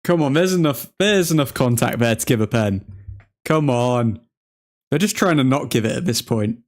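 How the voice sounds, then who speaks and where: Excitable man reacting live to football. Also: mid-range voice, moderate pace. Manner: excitable fan reactions, shouts at chances; pleading and grumbling at the referee. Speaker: football watchalong host. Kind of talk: live match commentary.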